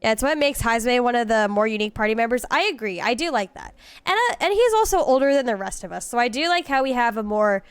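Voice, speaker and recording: A woman's voice: on the high side, smooth, dry recording. A woman streamer giving chatty, self-deprecating commentary on a game as she plays, laughing often. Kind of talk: casual gameplay commentary.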